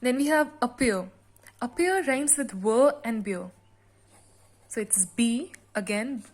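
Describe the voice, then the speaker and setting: A woman teacher explaining a sonnet's meter and rhyme scheme in a slow classroom lesson, with frequent pauses and fillers. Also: a little high, lively intonation. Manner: reads the poem aloud slowly with extra stress. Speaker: literature teacher.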